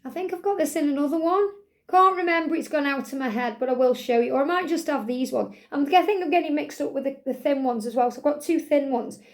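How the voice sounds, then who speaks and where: A woman's voice: sits high, fast. A middle-aged woman, giving a chatty, rambling, gushing product review as a vlogger. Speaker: wig vlogger.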